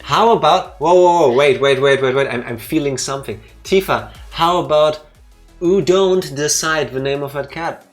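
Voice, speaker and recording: A woman's voice: deep voice, moderate pace, faint music behind. A woman with a Danish accent co-hosting a let's play, chatting casually in a playful, teasing way with theatrical asides. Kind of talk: casual chat over gameplay.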